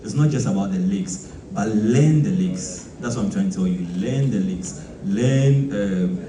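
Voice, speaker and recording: A Ghanaian bass player explaining music in a casual, animated teaching talk, full of rhetorical questions. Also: male voice, a little slow. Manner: animated, mixing quoted voices and rhetorical questions. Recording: echoey room, mic from far off, noisy.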